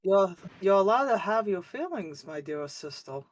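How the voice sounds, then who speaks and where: A gentle, formal goddess sister, played by a man running a tabletop game. She speaks softly and courteously in a high register. A faint hiss runs behind her. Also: very slow, vocal fry, far from the mic, exaggerated voice, low-quality recording. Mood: soothing.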